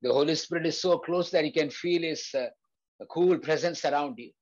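A man's voice: a little high, moderate pace, a little mellow, dull audio. A man leading a Bible study, preaching earnestly with repeated phrases and frequent fillers. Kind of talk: preaching to a prayer group.

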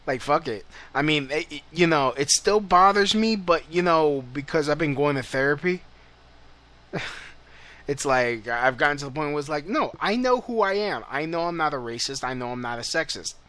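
Heated, bright-voiced male show host. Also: fairly high pitch, lively intonation, normal speed. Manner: heated, blunt, swears a lot. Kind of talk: casual profane rant.

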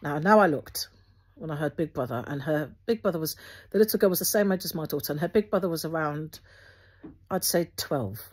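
A woman, speaking earnestly to her viewers with Christian encouragement, gently instructive and often restarting her sentences. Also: low voice, fairly quick, husky. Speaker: Christian video host.

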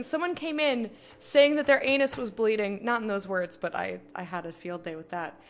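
A woman's voice: medium pitch, normal speed, few pauses, soft background music. A young adult woman streaming a game, chatting, joking and reading the game text aloud. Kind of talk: casual live-stream commentary.

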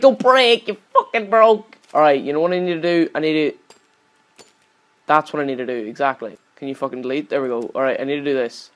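In a mid-range voice, this young man hosts casual gameplay commentary on his channel, cursing nonstop and shouting at the game every time it goes badly.

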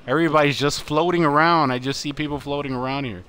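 A man giving excited live commentary on his own video game session, often laughing and repeating exclamations. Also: fairly high pitch, quick pace, a little hiss or hum. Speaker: game streamer.

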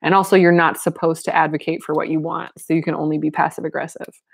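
Woman reading a novel and commenting, wry asides, lowish voice, dry close mic. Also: flat delivery, fast talker, vocal fry, husky, no room sound. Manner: wry asides and frequent laughs. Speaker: reader and commentator.

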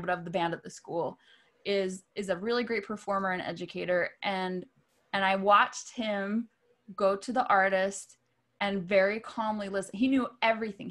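A woman's voice: medium pitch, fairly bright tone. A woman music arranger tells a story from her work. She speaks in a mid-range voice with a casual, chatty delivery, and she laughs often along the way. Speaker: music arranger and vocal clinician. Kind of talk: casual interview talk.

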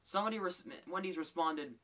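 A bright-voiced YouTube host running a casual reaction vlog and reading tweets out loud. The delivery is animated, full of quick exclaimed reactions between readings. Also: mid-range voice.

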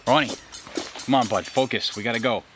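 An actor playing a frantic, foul-mouthed male crew member who swears and yells while lost in the woods. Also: mid-range voice, fairly quick, over music, close to an everyday voice. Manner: swearing, frantic, shouting names.

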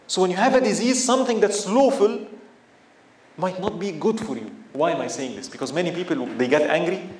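A man giving a religious lecture in an animated way, often asking his listeners rhetorical questions. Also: high-pitched, a little fast. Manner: animated, asks the audience frequent rhetorical questions. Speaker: Islamic teacher. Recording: echoey room with faint ambience.

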